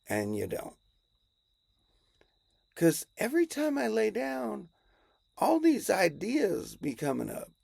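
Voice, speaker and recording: Man, gravelly rambling storyteller, slow casual delivery, dry close-miked sound. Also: a little high, darkish tone, no echo. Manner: rambling, chuckling, self-correcting.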